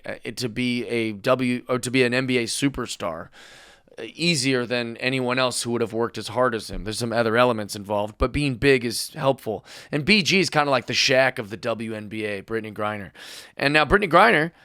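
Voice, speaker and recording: A man hosting his podcast, ranting in a comic, sarcastic way and climbing to loud mock outrage. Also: mid-range voice, clean tone, no room sound, clean studio sound. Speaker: podcast host. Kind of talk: comedic rant.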